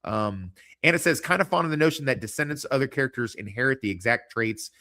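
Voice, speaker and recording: A man's voice: mid-range voice, animated, quick pace, sharp tone. A man hosting a casual livestream chat, rambling and joking with lots of swearing. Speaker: podcast host.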